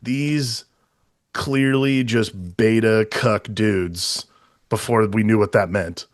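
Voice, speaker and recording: A man's voice: fairly low pitch, fairly even intonation, slow, dry recording, clean studio sound. A man co-hosting a casual movie podcast, rambling and swearing, with lots of fillers and restarts. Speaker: podcast co-host.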